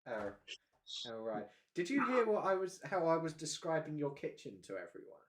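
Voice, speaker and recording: A man's voice: a little high, very animated, normal speed. A man hosting a live stream, chatting casually and rambling with frequent hesitations and laughs. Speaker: livestream host.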